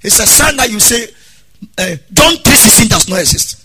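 A man preaching a sermon as pastor, swinging between quiet asides and loud, half-sung exhortations. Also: high voice, lively intonation, normal speed, over music.

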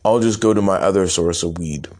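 A man's voice: deep voice, brisk, a little mellow. A man voicing a hot-headed young male weed business owner who talks bluntly and stammers. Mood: flustered.

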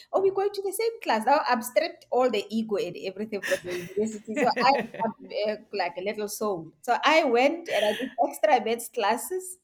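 A middle-aged woman, a guest in an interview who tells her story with animation and laughs often. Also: a little high. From South Africa. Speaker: interview guest, tech education founder.

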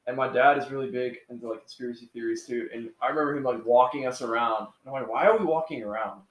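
A man talks fast and chattily in a casual podcast conversation. His pitch is middle, and the room is echoey. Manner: quick, chatty recollection. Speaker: podcast co-host. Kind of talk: casual chat. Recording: roomy echo.

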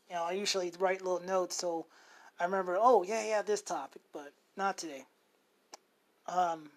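A man in his forties, hosting an unscripted monologue. He rambles, corrects himself often and swears freely. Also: sits high. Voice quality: rambling, with many self-corrections and fillers. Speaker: show host.

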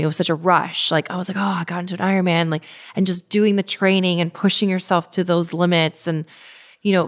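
A woman in her thirties, a guest telling stories in casual, animated chat, often restarting her sentences. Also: fairly low pitch. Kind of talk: casual conversational storytelling.

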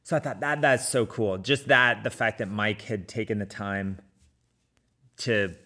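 Middle-aged man telling a story, halting. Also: lowish voice, sharp tone. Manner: conversational with frequent fillers and restarts. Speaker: runner telling a personal story. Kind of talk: casual storytelling.

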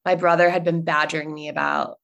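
Young woman guest, chatty storyteller, lower voice, filler-heavy and easy laughs. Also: little pitch movement, brisk, fairly bright tone, dull audio. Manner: chatty, lots of likes and ums, laughs easily. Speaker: podcast guest. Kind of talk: casual storytelling.

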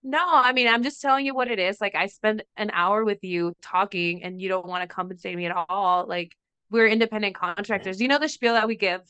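Speaking in a smooth, mid-range voice at a brisk clip, a young woman recounts a story while co-hosting a podcast. She's casual and lively, performing each quote and leaning heavily on "like," with no echo in the sound.

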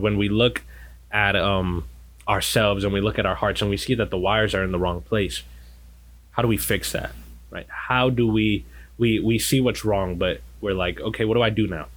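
Low-voiced man, co-host of a faith talk. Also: a bit bright. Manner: explains step by step, asks rhetorical questions.

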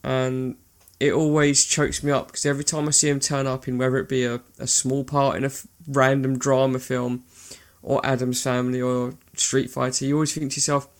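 A man's voice: mid-range voice, flat delivery, fairly quick, few pauses. A man chatting casually about films in an earnest, heartfelt way, with some swearing. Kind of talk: casual film chat.

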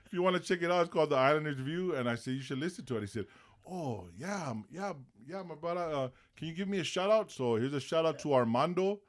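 Animated man telling stories in casual chat. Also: on the high side, fast talker. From Pacific islands. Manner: animated storyteller acting out phone calls. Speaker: podcast host.

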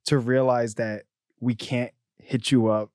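A man's voice: medium pitch, level tone, measured pace, no room sound, clean studio sound. Laid-back young man musing aloud. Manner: loose and reflective, heavy on fillers, laughs often, trails off quietly. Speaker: podcast co-host. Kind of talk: casual chat.

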